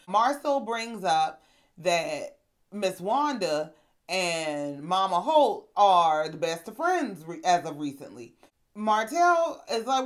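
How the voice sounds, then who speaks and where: A woman's voice: mid-range voice, slow pace. Sassy woman recapping reality TV. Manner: sassy, animated storytelling with acted-out quotes. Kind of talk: casual commentary.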